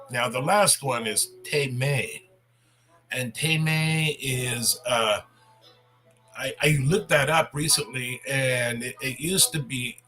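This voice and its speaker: A man's voice: mid-range voice, bright, forceful tone, rough recording. A man in his fifties, a language teacher hosting a casual livestream Q&A, talking in a chatty, rambling way with restarts.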